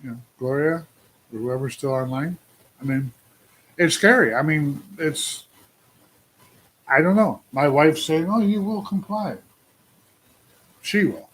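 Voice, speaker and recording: A man's voice: medium pitch, moderate pace, long pauses, fairly bright tone. A man in his sixties venting on a casual livestream, rambling and putting questions to his viewers. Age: 60s. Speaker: trucker livestream host.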